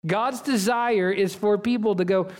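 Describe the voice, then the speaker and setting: A man's voice: sits high, fairly even intonation, measured pace, a little mellow. A man preaching a sermon as pastor, earnest and emphatic, building on repeated phrases.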